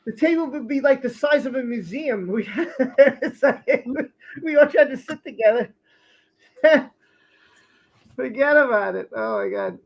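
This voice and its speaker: A man's voice: very high-pitched, very animated, a little slow, creaky, lo-fi sound. Chatty man rambling on a live stream. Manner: rambling, chatty, and talking with food. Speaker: livestream host. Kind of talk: casual chat while eating on a live stream. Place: his home.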